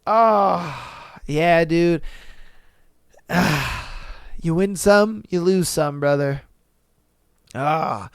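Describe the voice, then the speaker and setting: A man's voice: a little high, drawn-out words, gravelly, long pauses, smooth, no echo, studio quality. A young man hosting a podcast, reacting to listener stories in a loose, slangy way, swearing and laughing often. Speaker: podcast host. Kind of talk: casual podcast commentary reading listener stories.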